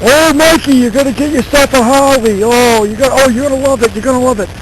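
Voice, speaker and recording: A man's voice: extremely high pitch, quick pace, noisy background, voice pushed up. A man imitating his burly, pushy neighbor who speaks with a Boston accent and urges him to buy a motorcycle. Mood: gushing. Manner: gushing, insistent.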